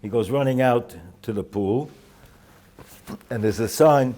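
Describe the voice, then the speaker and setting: An older man speaks at a middle pitch, unhurried and halting, with frequent fillers as he gathers his thoughts. He gives a holiday talk to his students and weaves dry jokes and anecdotes into the teaching. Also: warm tone. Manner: storytelling with dry humor. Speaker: rosh yeshiva giving a talk. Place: yeshiva in Jerusalem.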